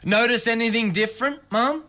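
A man voicing a boastful, quick-tempered old farmer who yells in a raised voice. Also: very high-pitched, pitched above the performer's own voice. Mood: proud. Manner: boastful, indignant yelling. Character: proud, hot-tempered old farmer grandfather.

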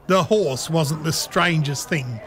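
An actor playing the narrator Darren, telling the story in a dry, wry way. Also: male voice, a little high, takes it slowly, a bit bright.

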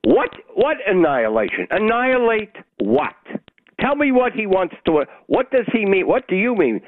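A man's voice: high voice, very animated, moderate pace. A man calling in to a radio show, blunt and insistent, cutting across the host. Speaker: caller. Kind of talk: call-in radio caller. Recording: tinny phone line with faint noise.

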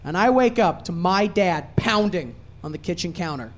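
A young adult man doing a stand-up comedy set, swinging from low mutters to loud shouting. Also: animated, moderate pace, hardly any pauses.

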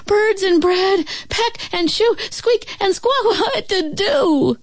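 A woman's voice: very high voice, expressive, slow pace, voice pushed up, exaggerated voice. A woman voicing a kindly, flustered old woman who bakes bread.

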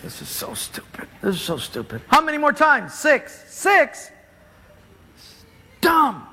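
A man's voice: high-pitched, sing-song, moderate pace, sharp tone, breathy edge, heavily acted. A man voicing a furious, proud army general who grumbles indignantly. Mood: grumbling.

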